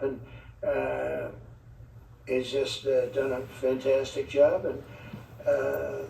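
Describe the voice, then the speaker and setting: A man's voice: a little high, a little mellow. A man giving an off-the-cuff speech to visiting leaders, rambling with joking asides. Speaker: politician addressing foreign leaders. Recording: echoey, distant mic, faint background noise.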